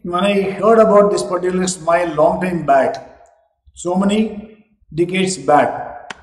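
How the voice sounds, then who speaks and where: A man lecturing students, slow and emphatic, stretching his key words. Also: sits high, a little mellow, reverberant, rough recording. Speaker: teacher.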